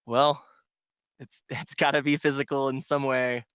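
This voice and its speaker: A little slow and flat in delivery, a man who works as a DJ rambles on at length during a casual podcast chat, peppering his story with "like." His medium-pitched voice is a bit bright and smooth, captured in a clean studio with no room sound.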